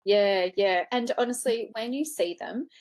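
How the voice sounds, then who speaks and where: With a slightly high voice and a measured pace, a female funeral director and celebrant talks earnestly during a casual interview. Telling her stories with animation, she performs the quoted lines herself.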